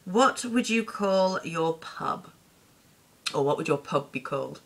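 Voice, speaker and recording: A woman's voice: low voice, lively intonation, slow pace. A woman chatting upbeat to camera, answering tag questions and laughing easily. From Lincolnshire, England. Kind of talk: casual chat to camera.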